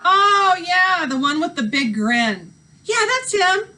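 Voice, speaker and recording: A woman's voice: extremely high pitch, sing-song, takes it slowly, pushed and bright, voice pushed up, heavily acted. A woman voicing a chatty, knowing young girl in a read-aloud storybook.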